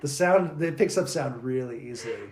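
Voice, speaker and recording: A man's voice: medium pitch, expressive, fairly quick, a little mellow, a little hiss or hum. A man co-hosting a podcast with his wife, bantering playfully and joking in casual chat. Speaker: podcast co-host.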